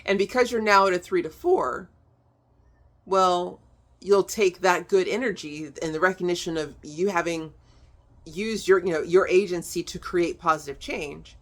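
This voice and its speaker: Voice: mid-range voice, moderate pace, a bit bright. A tapping instructor explaining a technique in a casual, chatty way, with plenty of "um", "like" and "right?" and some blunt, casual swearing.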